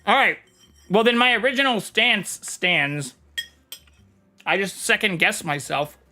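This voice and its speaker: A man's voice: high-pitched, animated, unhurried, sharp tone, soft background music. A man chatting casually on a live stream, reading chat aloud and swearing freely. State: talking with mouth full.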